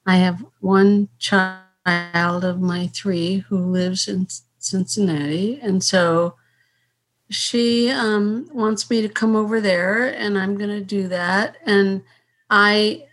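A woman's voice: mid-range voice, fairly even intonation, takes it slowly. An older woman leading a casual group call, talking in a hesitant way with many restarts.

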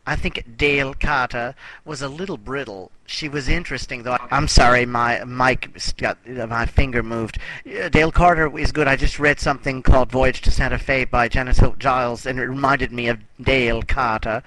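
A man's voice: mid-range voice, steady tone, normal speed, pushed and bright, poor audio. A man in a casual group chat, speaking in a thoughtful, musing way. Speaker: book discussion group member.

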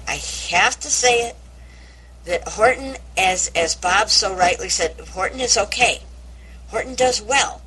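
A woman in a casual group discussion about audiobook narrators, talking emphatically with halting restarts. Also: lowish voice, pushed and bright, poor audio.

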